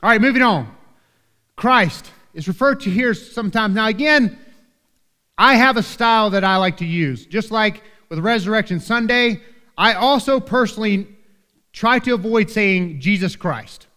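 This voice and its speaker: A man with a high voice preaches in a church, his words ringing with long hall reverb. He talks to the congregation in an earnest, conversational way and keeps asking "right?". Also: moderate pace, bright, forceful tone. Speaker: pastor. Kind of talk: sermon. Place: church sanctuary.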